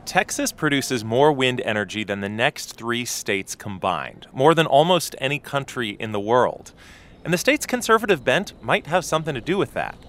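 A male radio reporter narrating a news feature in a clear, measured way. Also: medium pitch, animated, fairly bright tone. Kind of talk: scripted news narration and field interviews.

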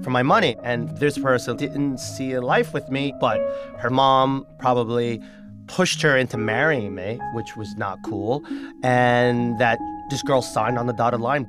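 A man's voice: medium pitch, a little slow, music in the background. Chatty man recounting his own story. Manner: animated, chatty, laughs while telling. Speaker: interviewee telling his story. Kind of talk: casual first-person storytelling.

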